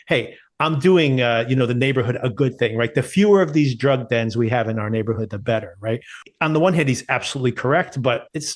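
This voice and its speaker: Guy on a podcast breaking down a tv episode, average pitch, talks freely and chuckles a lot. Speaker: podcast co-host. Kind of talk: casual TV review chat.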